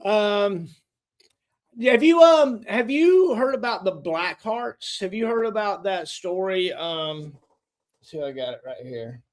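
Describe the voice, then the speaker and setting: A man with a voice a little higher than most, hosting a relaxed podcast. He feels his way through his thoughts, restarting phrases and filling gaps with "uh" and "um". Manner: halting, repeats words and fills with "uh". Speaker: podcast host. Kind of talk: casual podcast chat.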